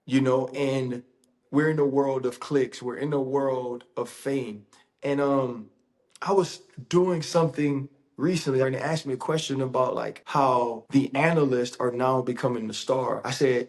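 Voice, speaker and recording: A man's voice: medium pitch, fairly even intonation, unhurried. A man, a sports analyst, talking casually and emphatically in an interview, repeating phrases for effect.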